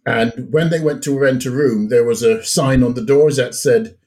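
A man's voice: medium pitch, normal speed, hardly any pauses. Man with a Jamaican-British accent. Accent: Jamaican mixed with British. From Jamaica and England. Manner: relaxed, laughs often, repeats words as he restarts. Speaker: podcast guest. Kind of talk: casual conversational storytelling.

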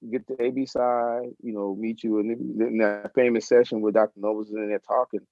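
A middle-aged man in a casual interview, telling an anecdote in an animated way and acting out the voices of people in it. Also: on the low side, brisk, no room sound. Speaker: interview guest. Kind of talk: casual storytelling. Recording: slightly muffled dry recording.

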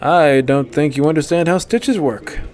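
A man's voice: fairly high pitch, animated, moderate pace, a little mellow, voice pushed up, close to an everyday voice. A man voicing a wry, easily flustered male hunter in a storybook reading. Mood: dry.

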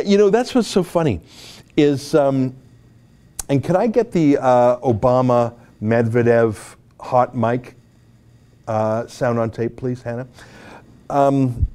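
Man, studio host, dark mellow tone, argues his points hard, lots of "uh" and restarts. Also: medium pitch. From Alberta, Canada. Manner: emphatic, argumentative, with frequent fillers and restarts. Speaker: political commentary host. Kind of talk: opinionated commentary.

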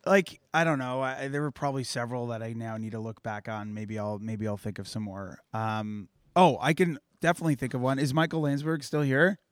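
Brief: male event organizer, middle pitch, hesitant and filler-heavy, dry close sound. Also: steady tone, fairly quick, hardly any pauses, dry recording. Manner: hesitant storytelling with many fillers. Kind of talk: casual live chat. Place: live event at a camp.

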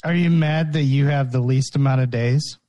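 A man's voice: mid-range voice, normal speed, warm tone, no echo. A man hosting a comedy podcast, teasing his co-hosts in playful casual banter. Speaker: podcast host.

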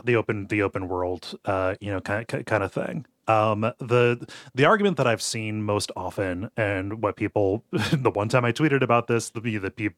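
A man's voice: lowish voice, a bit bright, no room sound, clean studio sound. A man co-hosting a casual chat podcast, who keeps stopping to repeat his words and laughs easily. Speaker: podcast co-host.

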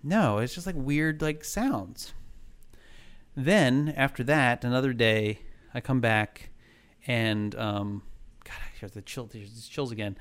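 A man's voice: mid-range voice, slow, a bit bright. A man in casual chat, telling a ghost story in a rambling way, full of fillers and restarts.

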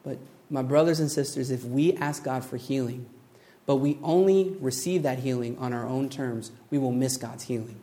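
A man preaching a sermon, telling a story with lively acted-out voices, building to emphatic points. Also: mid-range voice, moderate pace. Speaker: pastor.

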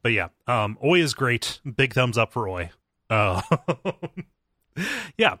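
A man's voice: mid-range voice, sing-song, slow pace, sharp tone, no room sound, studio quality. A man hosting a casual book-discussion podcast, explaining at length with lots of fillers. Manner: rambling, filler-heavy explaining. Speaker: podcast host.

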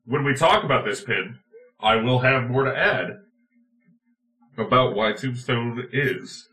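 Stuffy-nosed man with a bright voice. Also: medium pitch, takes it slowly, poor audio. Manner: jokey, drops quips. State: stuffed-up nose. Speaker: podcast co-host. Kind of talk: casual chat.

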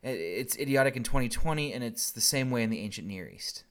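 A man's voice: medium pitch, expressive, fast talker, a bit bright. Brief: male pastor, blunt and wry, preaching in a casual, conversational way. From Southern US. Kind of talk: recorded sermon.

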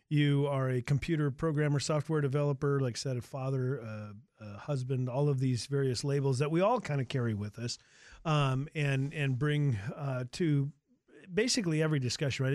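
A man hosting a radio talk show, chatting with a studio guest in a halting, filler-heavy way. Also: a little high, no echo. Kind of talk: casual radio interview. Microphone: studio microphone.

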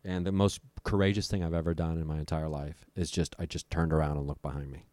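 A man's voice: a bass voice, flat delivery, fast, dark tone, no echo. A young man telling a frightening story in casual conversation, vivid and profane, acting out what people said. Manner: vivid, profane, acts out voices. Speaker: storyteller guest.

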